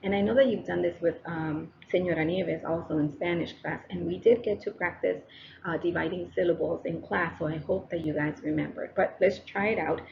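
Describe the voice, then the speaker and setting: A woman teacher speaks to her students on a close microphone in a lowish, steady voice with vocal fry, fairly quickly. In this recorded lesson narration she encourages them directly and repeats each step. The highs are cut off and there's slight background noise.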